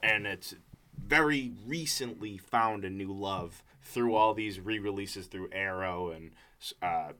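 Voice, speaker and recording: A man's voice: fairly low pitch, slow pace, sharp tone. A man co-hosting a casual podcast, explaining film genres at length with many fillers. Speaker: podcast co-host. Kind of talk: casual chat.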